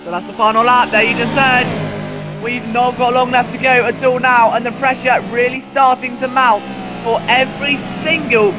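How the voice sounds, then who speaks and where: A man commentating a live sim race, excitable and rising to near shouts at overtakes, his voice going hoarse. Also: extremely high pitch, moderate pace, music in the background.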